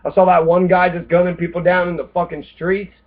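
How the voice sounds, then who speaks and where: A man's voice: sits high, flat delivery, brisk. Profane rambling American man, tinny sound. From United States. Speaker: host. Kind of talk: casual rant monologue. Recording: tinny phone-like lo-fi audio.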